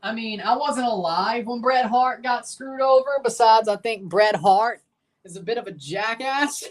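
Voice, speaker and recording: A man's voice: very high-pitched, a little slow. A young man giving rambling, jokey live commentary while watching a match and chatting to his viewers. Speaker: watchalong streamer.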